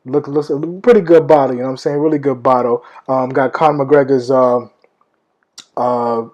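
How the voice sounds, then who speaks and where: A young man hosts a casual podcast, talking loosely, rambling with lots of fillers and calling his listeners y'all. His mid-range, slightly mellow voice has fairly even intonation at a moderate pace, and the recording is muffled.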